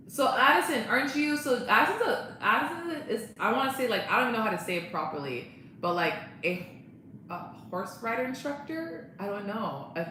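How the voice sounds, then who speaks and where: A woman's voice: lowish voice, a bit bright, slight background noise. Bubbly young woman live-streaming, echoey room. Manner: bubbly, chatty, laughs often. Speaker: livestreamer chatting with viewers. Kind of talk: casual live-stream chat.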